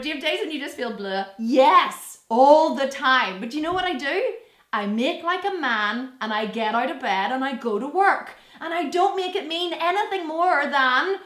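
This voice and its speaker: A woman's voice: sits high, expressive, moderate pace, fairly bright tone, roomy sound. A woman in her thirties chatting bluntly and sassily to camera, swearing freely and mimicking people in playful voices. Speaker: fitness vlogger answering viewer questions. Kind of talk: casual direct-to-camera chat.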